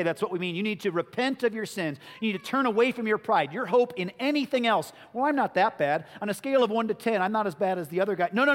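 Man, pastor, sermon, earnest, emphatic, church, long hall reverb. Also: high voice. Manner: earnest preaching, building to emphatic peaks. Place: church sanctuary.

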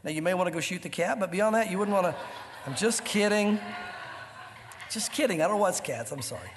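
High-voiced animated preacher. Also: male voice, fairly quick, slight background noise. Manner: animated, jokey asides. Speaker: pastor. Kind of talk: sermon. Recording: long hall reverb.

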